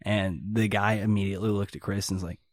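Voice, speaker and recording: A man's voice: fairly low pitch, level tone, quick pace, dry recording, clean studio sound. A young man hosting a podcast, steering the talk in a matter-of-fact way. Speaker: podcast host. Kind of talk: casual podcast banter.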